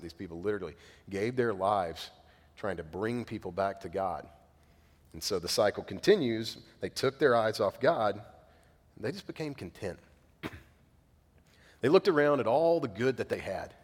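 Earnest preacher in a reverberant hall. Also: male voice, mid-range voice, brisk. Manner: earnest preaching, acting out quoted voices. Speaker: pastor. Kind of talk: sermon.

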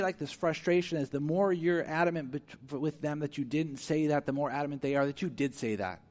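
A man delivering a sermon in a voice pitched a little above the usual male range. He moves between quiet, inward phrases and loud, emphatic ones. He puts questions to his congregation and acts out the voices he quotes. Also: fairly quick, hardly any pauses. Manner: animated, swings between hushed and emphatic. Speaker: pastor. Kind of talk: preaching a sermon.

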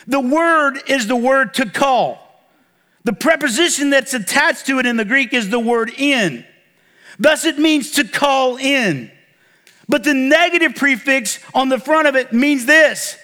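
A man's voice: very high voice, pushed and bright. A man preaching a sermon to his church, drawing call-and-response from the congregation and stressing points with emphatic exclamations. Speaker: pastor.

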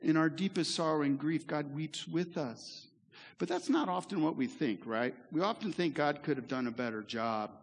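A pastor giving a sermon in a church, earnest and conversational, with asides to the congregation. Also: male voice, a little high, expressive, normal speed. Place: church sanctuary. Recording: echoey hall reverb.

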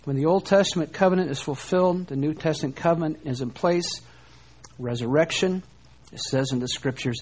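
A man preaching a sermon, animated and emphatic, often posing rhetorical questions. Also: on the high side, a little fast, breathy edge.

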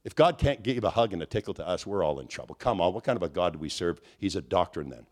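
A man preaching in a storytelling way, his fairly low voice rising to high, excited near-shouts at the peaks. He moves between quiet asides and loud emphasis as he preaches. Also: quick pace. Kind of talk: charismatic sermon.

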